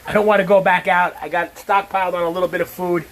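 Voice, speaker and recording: A man's voice: high voice, level tone, quick pace, a bit bright. Brash profane man cooking at home. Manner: brash, profane, talks straight to viewers. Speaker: home cook. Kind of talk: casual cooking livestream chat. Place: home kitchen.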